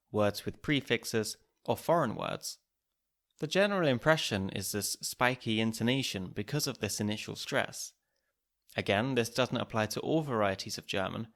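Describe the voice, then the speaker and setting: A male host narrates a scripted podcast segment. His delivery is clear and measured, at a middle pitch, in the manner of an explainer. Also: a bit bright.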